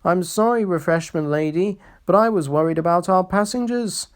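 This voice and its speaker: A reader voicing an eager, anxious young male engine who talks in a frantic, hurried way. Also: medium pitch, voice pushed up, close to an everyday voice. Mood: relieved.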